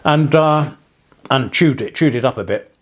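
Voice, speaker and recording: Speaking at a moderate pace in a medium-pitched voice, a male parson from England rambles casually through a vlog. His tone is wry and wandering, punctuated by chuckling asides.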